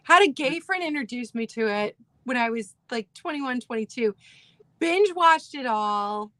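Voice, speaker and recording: A middle-aged woman co-hosting a live vintage sale, chatting casually, quick and enthusiastic. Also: fairly high pitch, animated, pushed and bright, no room sound. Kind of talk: casual chat.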